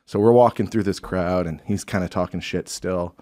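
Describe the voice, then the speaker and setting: A man with a fairly low voice tells a story on a podcast in a loose, animated way. He swears freely, and he is from Texas. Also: moderate pace. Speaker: podcast guest. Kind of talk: casual storytelling.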